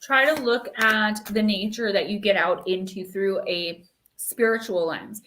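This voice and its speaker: A woman hosting a live-stream oracle card reading, talking in a loose, chatty way full of fillers. She reads the card meanings aloud at an ordinary mid pitch. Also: a little slow, fairly bright tone, a little hiss or hum.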